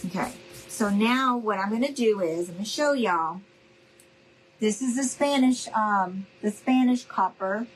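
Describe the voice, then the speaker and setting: A woman's voice: mid-range voice, measured pace, slight background noise, rough recording. A middle-aged woman hosting a casual live crafting demo, chatty and friendly, calling her viewers y'all. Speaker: craft tutorial host.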